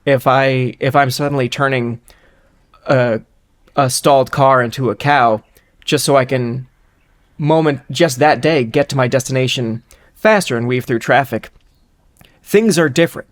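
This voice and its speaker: A man's voice: mid-range voice, unhurried, pauses often. A man co-hosting a podcast, reasoning through a hypothetical in casual, rambling chat with a wry edge. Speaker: podcast co-host.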